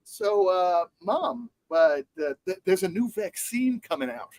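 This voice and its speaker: A man co-hosting a casual chat show, animated and sarcastic, swearing freely. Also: high voice, measured pace, heavy background noise. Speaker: podcast co-host.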